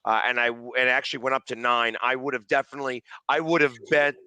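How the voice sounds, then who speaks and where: Stammering man with a crisp bright voice. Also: mid-range voice, little pitch movement, quick pace, no room sound. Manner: stammering starts, hedging. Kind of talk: casual sports chat.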